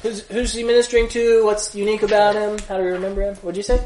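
A man's voice: high voice, little pitch movement, fast, darkish tone. A man teaching a casual Bible class, quizzing students with jokes. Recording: echoey room with faint noise.

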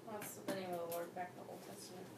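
A woman taking part in a Bible study discussion, chiming in with quick answers and comments. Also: fairly low pitch, little pitch movement. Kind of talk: group discussion. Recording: distant mic in echoey room with loud background noise.

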